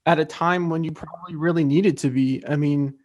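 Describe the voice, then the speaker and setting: A man's voice: on the high side, steady tone, fairly quick, a little mellow. A young man interviewing a guest over a video call, talking loosely with lots of "like" fillers. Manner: loose, filler-heavy, says "like" a lot.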